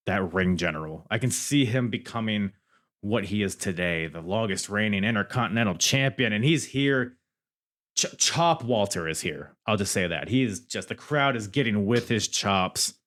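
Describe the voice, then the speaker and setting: Low-voiced, lively male podcast host. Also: normal speed. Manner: enthusiastic, chatty, laughs and swears often. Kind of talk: casual podcast review of wrestling.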